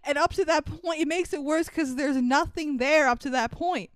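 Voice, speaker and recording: A woman's voice: high voice, normal speed, dry recording. A woman co-hosting a casual movie podcast, blunt and sarcastic, swearing often. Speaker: podcast co-host.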